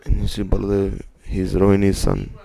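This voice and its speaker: A man with a very low voice and a heavy gravelly fry retells sacred stories. He wanders and repeats himself, slipping in the lines each character speaks. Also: very animated, normal speed, dark tone, poor audio. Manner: loose, repetitive retelling with quoted dialogue. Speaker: devotional storyteller. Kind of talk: devotional story retelling.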